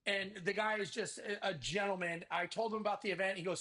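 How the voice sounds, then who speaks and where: A man, a podcast guest, talking about his business event in a lively salesman's manner and acting out quoted conversations. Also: sits high, fast, hardly any pauses. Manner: energetic salesman, acts out quoted dialogue. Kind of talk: casual interview talk.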